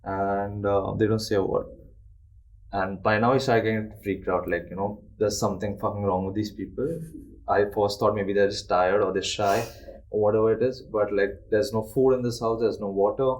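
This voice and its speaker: A man's voice: lowish voice, level tone, normal speed, a little mellow, rough recording. A young man, casually telling a ghost story on a podcast and swearing freely. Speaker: podcast host.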